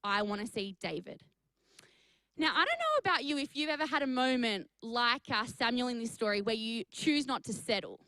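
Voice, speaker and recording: Young woman, youth pastor, upbeat storytelling, slightly high voice, dry close sound. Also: no echo, rough recording. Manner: energetic, chatty, addresses the chat. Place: studio for an online youth stream.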